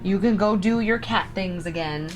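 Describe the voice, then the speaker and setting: A woman streamer in casual livestream chat, talking in soft, drawn-out baby talk to her cat. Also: mid-range voice, faint music behind.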